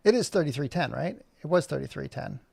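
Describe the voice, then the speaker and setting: A man with a fairly high, gravelly voice chats on a live stream, rambling and thinking aloud as he clicks through his software. His tone is jokey and self-mocking, and the sound is close and dry. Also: lively intonation, fast talker, no echo. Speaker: animator streaming his work. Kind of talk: casual live-stream chat.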